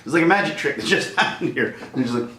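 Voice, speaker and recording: Heated, animated man ranting. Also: a little high, quick pace. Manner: heated, animated, acts out voices. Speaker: vlogger. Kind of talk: angry rant. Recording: roomy echo, distant mic, faint noise.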